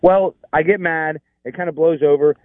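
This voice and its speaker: A man's voice: fairly high pitch, steady tone, normal speed, dry recording. A man telling a rambling, exasperated story in casual chat, with many restarts. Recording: tinny phone line.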